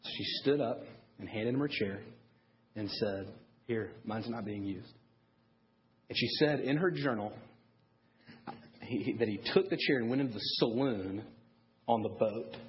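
A male pastor delivers a sermon built around a story, switching into the voices of the people in it. His pitch sits in a middle range for a man. The recording is a bit dull and lo-fi, with a faint hum underneath. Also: normal speed, long pauses. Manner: animated storyteller, acts out quoted voices.

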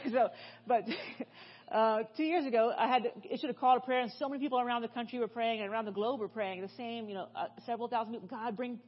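A woman giving a sermon in a church, telling stories in a lively, conversational way and asking the congregation questions. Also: on the high side, fast, highs cut off, a faint crowd. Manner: animated, conversational, questions the audience. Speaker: guest speaker. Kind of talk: sermon storytelling.

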